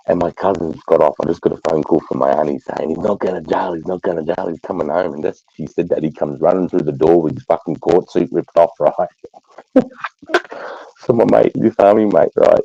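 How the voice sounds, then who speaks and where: A man's voice: rumbling low, gravelly, dark tone, lo-fi sound. A man with an Australian accent telling crude, swearing stories in casual chat. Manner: crude, swearing, laughing storyteller.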